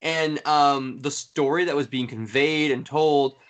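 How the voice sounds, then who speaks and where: A man co-hosting a casual podcast chat, retelling moments with excitement and energy. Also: a little high, a little slow. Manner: excited storytelling, acts out quotes. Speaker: podcast co-host.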